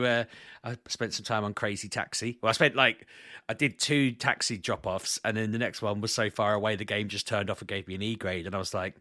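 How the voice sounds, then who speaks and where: A man co-hosting a podcast, telling rambling stories in a chatty, animated way and laughing often. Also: lowish voice, dry recording, studio quality. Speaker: podcast co-host. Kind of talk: casual podcast chat.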